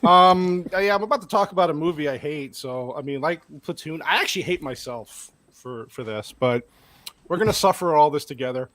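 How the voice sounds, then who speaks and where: A man hosts a movie review podcast with a lively, bouncing voice pitched a bit high. He jokes, teases and laughs a lot. The sound is dry and close. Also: brisk, no room sound. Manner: laughs often, joking and sarcastic. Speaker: podcast host. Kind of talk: casual group movie review chat.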